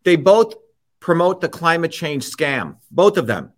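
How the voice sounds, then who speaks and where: High-pitched, heated male commentator. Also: sing-song, a little slow. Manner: angry, combative, repeats points with "okay?". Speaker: host.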